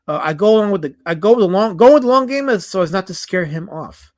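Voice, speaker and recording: Chatty high-voiced man streaming. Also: lively intonation, fast talker. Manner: chatty, reads chat comments aloud, wry asides. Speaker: streamer discussing comic art. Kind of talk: casual live-stream commentary.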